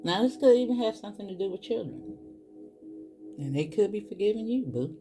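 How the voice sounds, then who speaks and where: A woman's voice: medium pitch, a little fast, faint music behind. A woman, doing a casual tarot reading and talking straight to her viewers. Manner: animated, exclaiming, talks straight to viewers as boo and y'all. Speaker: tarot reader.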